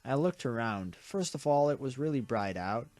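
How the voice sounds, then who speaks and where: A man reading a visual novel aloud with dramatic delivery and quick reactions. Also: mid-range voice, expressive, a little mellow, no echo. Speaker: game streamer.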